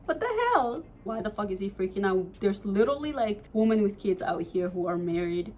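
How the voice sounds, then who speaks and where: A young woman from the United States telling a personal story in a casual vlog, animated and profane, full of "like" and "you know". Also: mid-range voice, moderate pace, slight background noise, rough recording. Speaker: vlogger.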